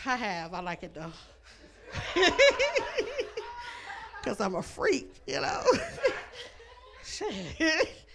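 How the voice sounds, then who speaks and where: A woman's voice: sits high, fairly bright tone. A woman doing a stand-up comedy set, brash and laughing between her jokes, on a comedy club stage.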